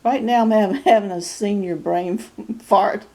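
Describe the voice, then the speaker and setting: A woman in her sixties with a North Carolina Southern accent, talking casually to camera in a halting way with many fillers and frequent chuckles. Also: mid-range voice, warm tone. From North Carolina, USA. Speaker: YouTube channel host. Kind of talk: casual personal vlog.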